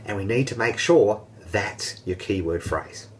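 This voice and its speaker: A man teaching an online marketing lesson, energetic and jokey, poking fun at himself. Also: on the low side, unhurried, a little hiss or hum. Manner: energetic, jokey and self-mocking. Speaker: online marketing course host.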